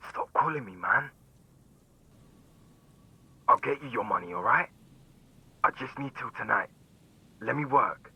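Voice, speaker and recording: A man's voice: sits low, fairly even intonation, extremely slow, long pauses, bright, forceful tone, full character voice. An actor voicing a hostile, defensive man in debt, snapping down the phone.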